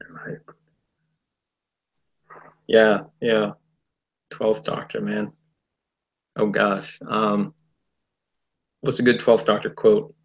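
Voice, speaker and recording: A man's voice: lowish voice, flat delivery, very slow, long pauses, slightly rough, dull audio. A man in a casual livestream chat, easygoing and encouraging.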